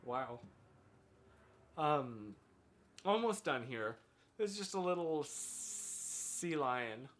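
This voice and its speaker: A man's voice: fairly high pitch, big pitch swings, extremely slow, pauses often, a bit bright. An American man streaming live, chatting casually and thinking aloud in a rambling, self-deprecating way. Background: faint lo-fi music.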